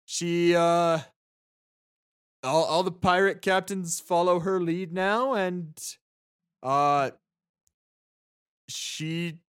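A man's voice: high-pitched, fairly even intonation, very slow, pauses often, fairly bright tone, smooth. A man narrating and voicing characters as game master of a tabletop game, with a hesitant manner. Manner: hesitant, lots of ums and restarts.

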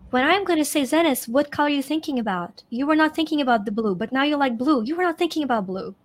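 A middle-aged woman from Ukraine, a coach guest in an interview, talking expressively and repeating phrases for emphasis. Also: sits high. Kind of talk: conversational interview.

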